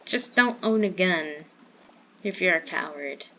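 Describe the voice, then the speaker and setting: A woman's voice: on the low side, animated, measured pace, pushed and bright, slight background noise, poor audio. A woman from the American South chatting in a rambling way while playing a game, easily startled. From Southern United States. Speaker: gamer. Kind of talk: casual Minecraft commentary.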